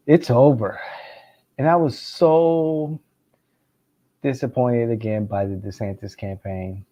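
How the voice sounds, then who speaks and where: Male political commentator, slow and sarcastic with stammered restarts, on a dull lo-fi recording. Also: fairly low pitch. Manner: sarcastic, stammering restarts, laughs mid-sentence.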